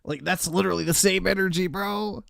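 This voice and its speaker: A man's voice: sits high, steady tone, brisk, vocal fry, a bit bright, dry recording, clean studio sound. A man streaming live, reacting to a video with crude, mocking, blunt commentary to his chat. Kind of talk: casual livestream commentary.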